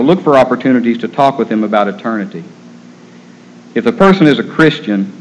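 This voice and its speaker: A man preaching a sermon in an earnest, gentle storytelling manner. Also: mid-range voice, a little hiss or hum. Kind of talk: sermon on caring for the terminally ill. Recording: dull lo-fi recording.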